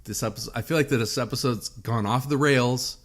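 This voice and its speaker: A man's voice: medium pitch, fairly quick. Guy hosting a podcast, joking around with his cohost, laughs constantly. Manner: teasing, laughs often. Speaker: podcast host. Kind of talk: casual chat.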